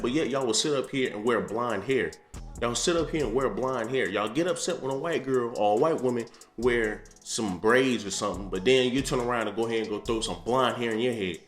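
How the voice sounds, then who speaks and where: A man giving blunt, opinionated commentary with a slangy manner, repeating his points like a preacher. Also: medium pitch. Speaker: commentary host reacting to a dating show clip. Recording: roomy echo, faint music behind.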